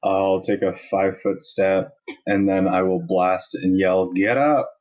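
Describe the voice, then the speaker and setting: Man, tabletop player, low voice, matter-of-fact casual talk. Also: monotone, measured pace, darkish tone. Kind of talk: casual tabletop game chat.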